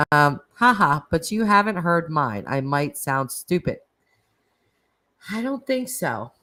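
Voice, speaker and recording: Low-voiced chatty Northeastern American woman. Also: fairly bright tone. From Northeastern United States. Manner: chatty and rambling, frequent "like" and laughs. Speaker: host of live chat stream. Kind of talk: casual live-stream chat with viewers.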